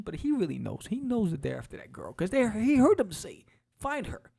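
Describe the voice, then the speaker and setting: A man hosting a podcast, walking casually through a comic book and acting out its quotes in quick voices. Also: high voice, huge pitch swings, gravelly, a little mellow, breathy edge. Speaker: podcast host.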